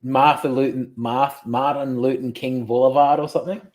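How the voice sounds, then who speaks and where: A man with an Australian accent, a podcast guest in casual chat, chatty and quick to joke. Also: mid-range voice, steady tone, a little mellow.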